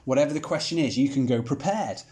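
Male teacher, even-pitched, rhetorical and dryly humorous delivery. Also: fast talker. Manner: rhetorical questions, mildly sarcastic humor. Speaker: Bible teacher. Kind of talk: scripted teaching talk.

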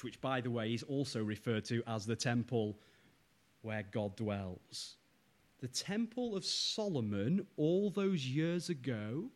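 Slow-preaching man with rhetorical questions. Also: medium pitch. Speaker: pastor. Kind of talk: sermon.

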